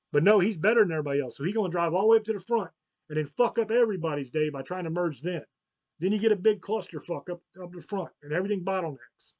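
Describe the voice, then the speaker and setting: A man's voice: high-pitched, no room sound, lo-fi sound. A man, a podcast host, talking casually in a profane, rambling, heated way. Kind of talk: casual chat.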